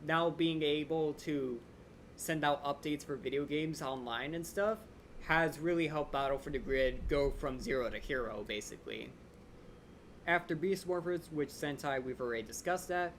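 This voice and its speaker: A young man hosting a live Q&A stream, rambling quickly and eagerly with lots of fillers, his voice a little drained. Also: fairly high pitch, slight background noise. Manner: fast, excited fan rambling with many "like" fillers. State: voice a bit drained. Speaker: channel host answering viewer questions.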